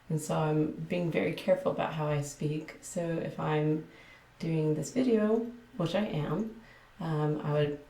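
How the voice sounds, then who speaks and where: A woman in her thirties from Texas with a Texan accent, talking casually to camera in a soft, careful way with many pauses. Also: deep voice. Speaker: ASMR creator. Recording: echoey room, mic at a distance.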